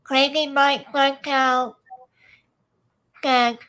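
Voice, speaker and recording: Woman interview host, high and unhurried. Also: flat delivery, bright, forceful tone.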